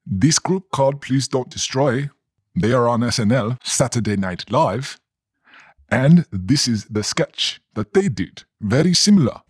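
A man's voice: mid-range voice, lively intonation, measured pace, breathy edge, no room sound, studio quality. A man co-hosting a podcast, reading a mock-formal comedic open letter in stiff phrasing without contractions.

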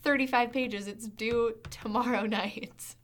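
A woman's voice: a little high, fairly even intonation, a little slow. A young woman co-hosting a casual podcast, teasing her co-host and laughing often. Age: young adult. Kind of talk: casual chat.

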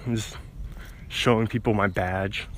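A man's voice: lowish voice, steady tone, measured pace, slight background noise. A young man hosting a solo podcast outdoors, rambling and laughing at his own tangents while holding his phone to his ear. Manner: meandering, self-interrupting, laughs at himself. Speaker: podcast host. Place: outdoors by a road, walking. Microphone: phone held to ear.

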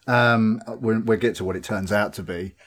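A man's voice: lowish voice, fairly even intonation, normal speed, a bit bright. A man in casual podcast chat, retelling film scenes with laughs and swearing.

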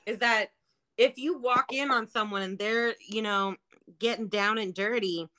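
A woman's voice: medium pitch, measured pace, bright, forceful tone. A woman co-hosting a podcast in casual chat, blunt and emphatic, swearing freely. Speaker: podcast co-host.

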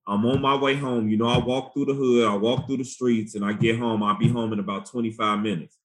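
A man in his forties from Chicago, a guest activist telling his story in an animated, profane, slangy way. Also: medium pitch, brisk. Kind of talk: candid storytelling interview.

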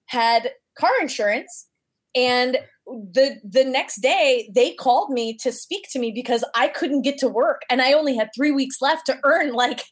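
A woman guest telling a personal story casually, acting out the voices she quotes. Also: high-pitched. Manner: animated, acts out quoted voices.

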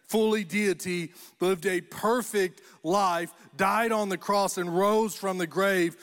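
A man's voice: high voice, fairly even intonation, slow pace, fairly bright tone. A man preaching a sermon as pastor, telling stories and building to emphatic repeated phrases. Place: church auditorium. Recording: long echo of a church hall.

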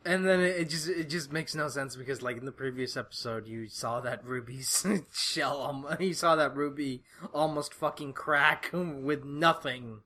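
Bright-voiced young man ranting heatedly. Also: mid-range voice, moderate pace, hardly any pauses. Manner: heated, swearing, exasperated. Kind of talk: casual ranting chat about a cartoon.

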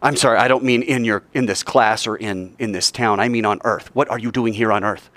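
Slightly fast and pitched on the low side, a man preaches to students at a school chapel, with no room sound in the recording. His manner is lively and conversational; he tells a story and asks his listeners questions.

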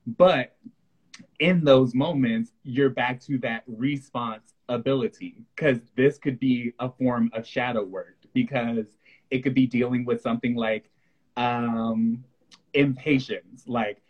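A husky man chats easily on a spiritual podcast and acts out his own reactions as he tells a story. The recording sounds a little dull and lo-fi, as if from a modest home setup. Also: mid-range voice, slow pace. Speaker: podcast co-host. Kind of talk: casual spiritual chat.

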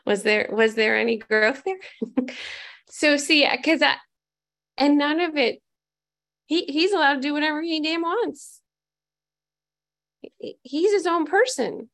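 A woman with a slightly higher voice shares her own recovery story. She talks candidly and pokes fun at herself, now and then turning to ask her listeners questions. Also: takes it slowly, pauses often, fairly bright tone. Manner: candid and self-mocking; conversational, asks the audience questions. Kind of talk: personal recovery testimony.

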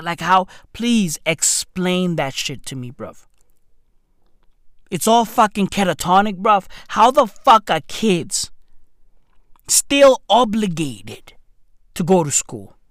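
A woman's voice: fairly low pitch, dry recording, clean studio sound. A woman delivering a profane, exasperated comedic rant full of slang. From South Africa. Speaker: comedian ranting to camera.

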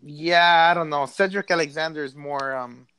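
A man's voice: a little high, normal speed, bright, forceful tone, slight background noise. A man co-hosting a casual chat, easygoing, hesitant with frequent fillers, now and then swearing. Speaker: podcast co-host.

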